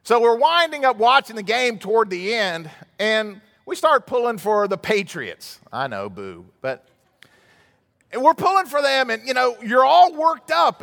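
A pastor delivers a sermon in a conversational, storytelling way and swells into emphatic outbursts. His voice is pitched high for a man. The sound carries a long reverb from a large church hall. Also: vocal fry, a bit bright.

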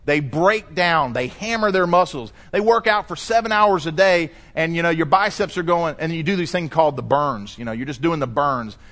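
Man, pastor, sermon, animated storytelling, slightly high-pitched. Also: moderate pace, hardly any pauses. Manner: animated storytelling preacher, shifting pace, acts out quotes.

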